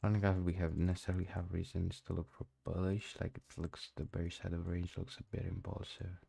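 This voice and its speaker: A man's voice: low voice, flat delivery, brisk, creaky, warm tone, breathy edge. A young man who speaks English as a second language, giving casual, slangy commentary while trading live. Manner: casual and slangy, often says "bro"; non-native English speaker. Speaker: day trader streaming live.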